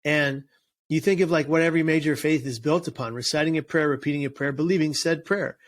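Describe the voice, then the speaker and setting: A man with a fairly high voice talks quickly as a guest in a casual interview, where he appears as a suicide prevention speaker. He's earnest and emphatic, frequently restarting and repeating his words.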